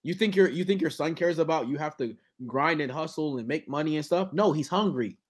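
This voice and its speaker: Emphatic high-voiced man in casual chat. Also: brisk, husky. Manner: emphatic and animated, acts out quoted voices. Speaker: guest musician.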